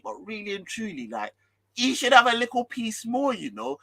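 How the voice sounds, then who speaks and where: A man's voice: sits high, normal speed, no echo. A man, ranting heatedly about football as a fan channel host, swearing and repeating himself. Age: 30s. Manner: animated, swearing, repetitive, ranting.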